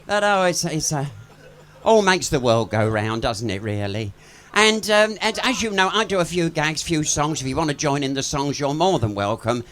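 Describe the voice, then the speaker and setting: A man's voice: on the high side, expressive, normal speed, fairly bright tone. A man doing live stand-up patter on a pub stage, chatty and bawdy, swearing freely and laughing at his own jokes. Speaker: pub comedian and singer.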